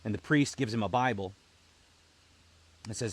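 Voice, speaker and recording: A man, a military veteran, telling a personal story in an earnest, halting way, often repeating words as he restarts. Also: on the low side, slightly rough. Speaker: military veteran, founder of a veterans' support group.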